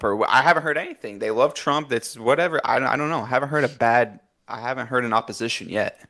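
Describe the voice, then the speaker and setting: A man's voice: mid-range voice, quick pace, hardly any pauses, bright, forceful tone. Laid-back hesitant man talking podcast. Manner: loose and hesitant, lots of fillers, matter-of-fact. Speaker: podcast co-host. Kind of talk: casual podcast chat.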